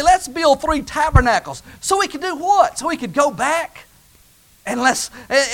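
High-voiced American man preaching, dramatic swings between loud calls and quiet asides. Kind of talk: sermon.

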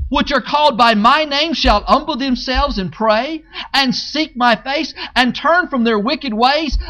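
High-voiced man preaching slowly. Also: pushed and bright. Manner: preaching with rising and falling emphasis, repeating key phrases. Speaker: pastor. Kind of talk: sermon. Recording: dull lo-fi sermon recording.

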